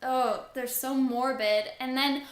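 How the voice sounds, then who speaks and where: A young woman vlogging a casual book review, excitable and gushing, often saying "like". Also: high-pitched, slow pace, roomy sound.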